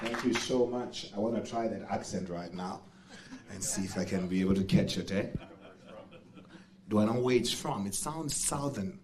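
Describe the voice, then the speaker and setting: Man, emcee, low voice, playful, chatty, reads speaker bios. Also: moderate pace, pauses often, a crowd in the background. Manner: playful, jokey, chatty with the audience. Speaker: master of ceremonies. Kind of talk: live event hosting. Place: event venue stage.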